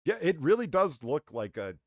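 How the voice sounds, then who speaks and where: A man running an online comedy show with a very animated voice that swings up and down as he tells stories. He laughs through his own lines and swears casually. The sound is dry and close on a computer mic. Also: a little high, moderate pace, no echo.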